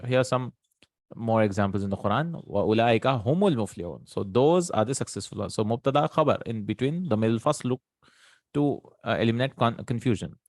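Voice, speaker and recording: A man's voice: mid-range voice, no room sound, clean studio sound. A man teaching an Arabic grammar lesson in English, patiently repeating terms with frequent thinking hums.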